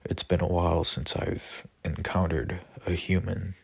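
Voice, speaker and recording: A man's voice: low-pitched, a little slow, vocal fry, husky, heavily acted. Man voicing a lonely, solemn old dragon. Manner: calm, matter-of-fact. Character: lonely ancient male dragon, calm and solemn.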